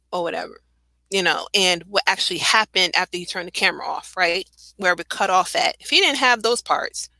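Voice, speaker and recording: A woman's voice: lowish voice, bright, forceful tone, no room sound, poor audio. A woman guest on a talk radio show, talking in an impassioned, conversational way with frequent fillers and some laughs. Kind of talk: casual radio commentary.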